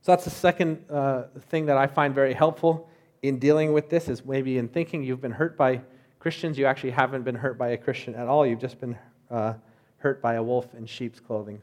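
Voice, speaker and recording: A man in his thirties preaching a sermon as a pastor, in a conversational way with rhetorical asides. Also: a little high.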